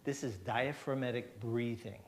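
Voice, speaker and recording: A man's voice: mid-range voice, normal speed, slight background noise. A man presenting at a health seminar, explaining a breathing technique step by step and checking in with the audience with a frequent "okay?". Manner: demonstrates breathing, coaxes audience to join. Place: church hall.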